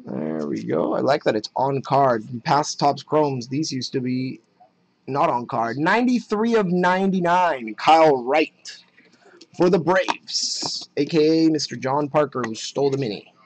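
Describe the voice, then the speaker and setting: A young man chatting casually while opening trading card packs on a live break, excited at the hits and muttering asides. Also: medium pitch, a little slow, rough recording.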